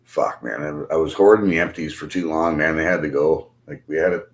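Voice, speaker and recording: A man's voice: a bass voice, brisk. A middle-aged man ranting casually to his livestream viewers, swearing constantly and laughing through his stories. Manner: profane, animated storytelling with laughter. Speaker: livestream host.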